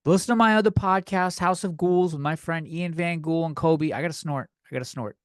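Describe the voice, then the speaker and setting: Brisk and clear, with a resonant tone, a young man's fairly high voice carries a comedic podcast rant that's loose, sweary and a bit tipsy. He's slightly out of breath. The studio recording is free of echo.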